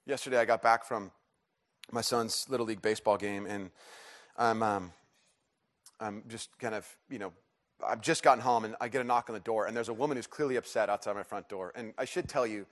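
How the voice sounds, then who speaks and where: At a church service, a middle-aged male pastor gives a sermon to his congregation, talking fairly quickly. He shares personal stories in animated fashion, restarting often and moving from quiet, low reflection to loud, pleading, emphatic questions.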